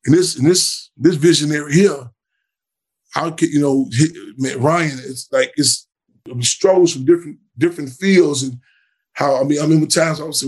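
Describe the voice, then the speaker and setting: Chicago activist guy, husky voice, fired up and tripping over his words. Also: fairly high pitch, fairly even intonation, brisk, a little mellow. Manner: impassioned, stammering, repeats words. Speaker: activist guest. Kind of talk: impassioned interview talk.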